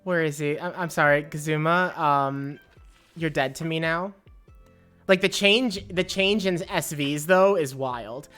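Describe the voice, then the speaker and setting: A woman streaming a game live, chatting to her viewers and breaking into excited squeals and laughter. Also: deep voice, a little slow, soft background music. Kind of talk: live gameplay stream chat.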